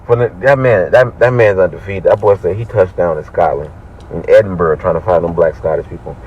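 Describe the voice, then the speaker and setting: A man's voice: low-pitched, a little fast, lo-fi sound, slight background noise. A man making a casual reaction video, laughing and talking in slang.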